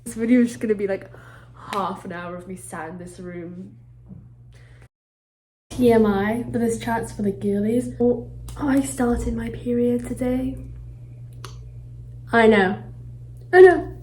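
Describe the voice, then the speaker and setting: A woman's voice: a little high, fairly even intonation, measured pace, long pauses, darkish tone, a little hiss or hum. A young woman with a British accent vlogging from a resort hotel room, rambling and self-mocking, sounding congested. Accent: British English. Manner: chatty, self-mocking, swears casually. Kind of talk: casual rambling vlog talk. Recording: echoey room with faint ambience.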